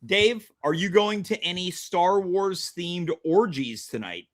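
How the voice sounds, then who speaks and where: A man hosting a comedy talk show, trading casual banter and teasing his co-host with deadpan jokes. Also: high voice, slow.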